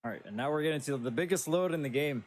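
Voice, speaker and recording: A man's voice: fairly high pitch, fast. A man speedrunning a game and casually narrating his own moves as he plays. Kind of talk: casual play-by-play while gaming. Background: game music.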